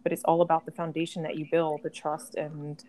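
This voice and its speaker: A woman's voice: low voice, flat delivery, fairly quick, dark tone. Chatty woman telling stories. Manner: chatty storyteller, acts out quotes. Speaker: podcast co-host. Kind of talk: casual chat.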